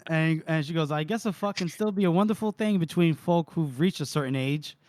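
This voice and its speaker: A man co-hosting a book podcast, retelling scenes and quoting lines with frequent laughter. His voice sits a little high and sounds dry and close to the mic. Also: brisk, a little mellow, no echo. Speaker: podcast co-host recapping chapters. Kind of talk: casual book recap chat.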